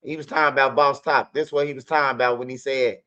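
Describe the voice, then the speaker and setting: A lively Chicago man hosts a commentary channel, telling a story casually in a bright, medium-pitched voice at a fast clip. He animatedly acts out fight sounds and quotes, and the audio is dull and lo-fi.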